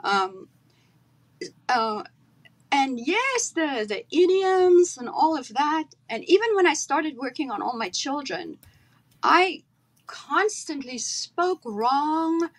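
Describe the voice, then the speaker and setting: Woman from south africa on a video call, kinda high voice, talks slow and lively about her acting days. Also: low-quality recording. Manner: animated storyteller, acts out her own accent. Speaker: guest actress. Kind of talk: casual interview chat.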